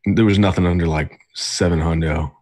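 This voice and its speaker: A young man, a student, co-hosting a podcast in relaxed, slangy banter. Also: deep voice, normal speed. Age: young adult. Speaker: podcast co-host. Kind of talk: casual chat.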